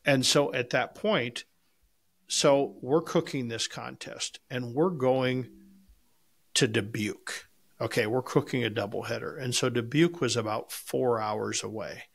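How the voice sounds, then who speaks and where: Gravelly, mid-pitched man; casual podcast co-host, rambling storyteller with a salty mouth. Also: unhurried. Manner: rambling anecdotes with frequent restarts, salty language. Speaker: podcast co-host and competition barbecue cook.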